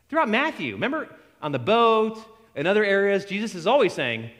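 A man preaching a sermon in an animated way, acting out quoted voices and often restarting his sentences. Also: sits high, brisk, few pauses, long reverb tail.

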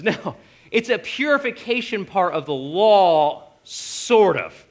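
A man preaching a sermon, retelling Bible stories with animated voices for the disciples. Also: a little high, a little slow. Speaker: pastor.

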